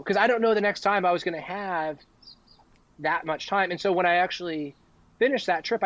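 A podcast guest with a slightly high voice tells stories in a casual, animated way, acting out the lines people said to him. The recording has its highs cut off.

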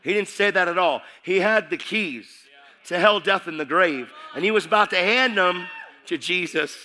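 A man preaching a sermon, passionate and emphatic, repeating phrases and swinging from hushed to shouting. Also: high voice, moderate pace.

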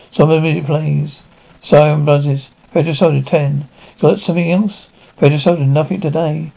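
A man reading dialogue and sound cues aloud in a flat, even way. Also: on the high side, normal speed, gravelly. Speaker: describer. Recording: dull lo-fi recording.

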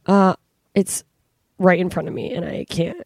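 A woman's voice: lowish voice, a little slow, vocal fry, a little mellow, no echo, clean studio sound. Profane exasperated young woman ranting. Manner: profane, exasperated, rambling with frequent fillers. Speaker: podcast host. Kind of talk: casual solo podcast rant.

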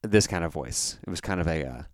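Smooth low-voiced man telling a story. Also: a little fast, no echo, clean studio sound. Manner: animated storyteller with many fillers. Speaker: podcast host. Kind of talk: casual storytelling.

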